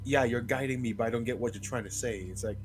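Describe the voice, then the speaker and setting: A man's voice: mid-range voice, steady tone, fast talker, faint music behind, poor audio. A man who is sick, chatting casually as co-commentator, often stammering and repeating words. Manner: stammering, repeats words while searching for them. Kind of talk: casual gaming chat.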